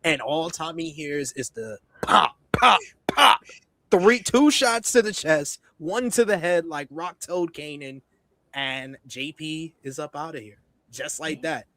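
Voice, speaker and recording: Animated man recapping a TV episode. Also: on the high side, a little slow, no echo. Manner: animated storytelling, acts out characters' lines. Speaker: co-host of a TV review show.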